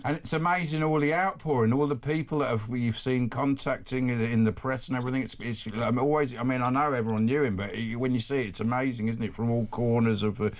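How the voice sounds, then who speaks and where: A man's voice: medium pitch, fast talker, hardly any pauses. A man hosting a talk radio show, chatting with a caller in a casual, reassuring way. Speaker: host.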